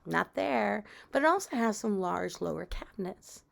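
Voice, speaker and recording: A young adult woman telling a spooky story in a casual, chatty way, sinking to a hushed whisper at the scary parts. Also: medium pitch, sing-song, fairly quick, creaky. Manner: conversational, with fillers, dropping to a whisper at tense moments.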